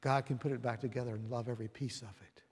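A man preaching a sermon, telling stories and acting out the voices in them, moving from hushed whispers to loud, emphatic lines. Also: mid-range voice, steady tone, fast, slightly rough. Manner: storytelling, acts out quoted voices. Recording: long reverb of a large hall.

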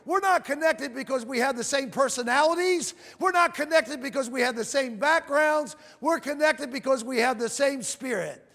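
A male preacher with a strikingly high, gravelly voice delivers a fervent sermon, stretching scripture lines out slowly and calling out to his congregation. the sound carries a long reverb from a church sanctuary. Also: fairly bright tone. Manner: fervent, calls to the congregation, reads scripture in slow drawn-out cadence. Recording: long reverb of a large hall.

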